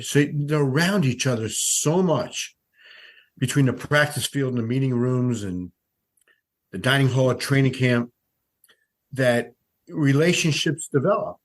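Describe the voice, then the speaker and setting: A man in his sixties, a veteran sportswriter, telling stories as a podcast guest in a conversational way with frequent restarts. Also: mid-range voice. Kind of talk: podcast interview.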